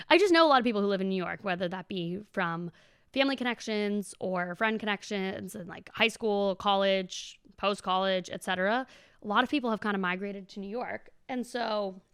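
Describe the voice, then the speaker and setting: A woman's voice: medium pitch, fairly bright tone, clear, resonant tone, dry recording, studio quality. A young woman in her twenties rambling casually to her viewers in a vlog, with lots of "like" and casual swearing. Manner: rambling and chatty, heavy use of "like", swears casually. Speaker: vlogger.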